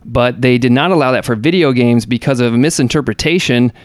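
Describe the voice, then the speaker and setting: A man's voice: medium pitch, a little fast, dry recording, clean studio sound. A man co-hosting a podcast, chatting casually about gaming news in a rambling, hesitant way full of fillers and restarts. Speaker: podcast co-host.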